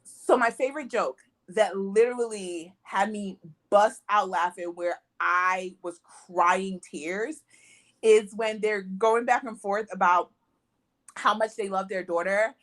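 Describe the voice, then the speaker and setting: Slow-paced, with a medium-pitched and fairly bright voice, a woman co-hosts a relaxed movie review podcast. She animatedly retells scenes, acts out quotes and laughs often.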